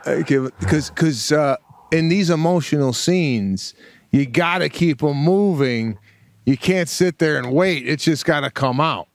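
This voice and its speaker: A middle-aged man, a comedian co-hosting a podcast, telling a story with animated energy and acting out the dialogue. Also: fairly high pitch. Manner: animated, acts out dialogue, fast bursts. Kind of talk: comic storytelling.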